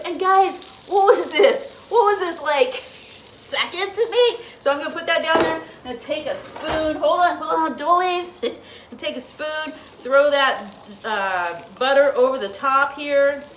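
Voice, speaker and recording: Food sizzles in a pan as the host, a middle-aged woman, runs a relaxed cooking demo from her own kitchen. She's chatty, laughs a lot, and speaks straight to her viewers in a high-sitting, fairly bright voice. The echoey room carries faint sizzling and slight background noise.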